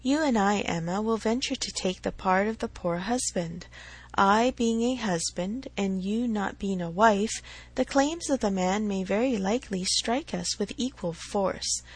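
A woman voicing a dry, sensible married gentleman in a narrated novel, calm and reasonable. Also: mid-range voice, measured pace, husky, low-quality recording.

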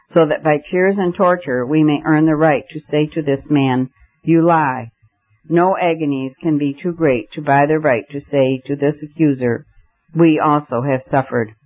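A man's voice: fairly high pitch, natural voice. A man reading the part of an anguished young male detective, speaking in impassioned, breaking declamation, on a muffled lo-fi recording.

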